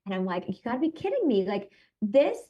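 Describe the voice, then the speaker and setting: Woman, 30s, podcast guest; animated, emphatic storyteller who acts out quotes. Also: medium pitch, fairly quick, husky. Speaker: podcast guest, content creator. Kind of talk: personal storytelling in conversation.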